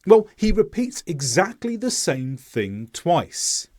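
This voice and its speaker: Lively-voiced male English teacher. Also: high voice. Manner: clear, deliberate explaining. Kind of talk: explanatory teaching voice-over.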